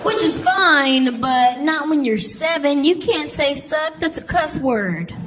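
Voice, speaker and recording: On a comedy stage in front of a live audience, a woman performs stand-up, telling stories and acting out childhood voices. Her voice is high-pitched and animated, and she speaks at a slow pace. The live recording picks up the crowd and noise.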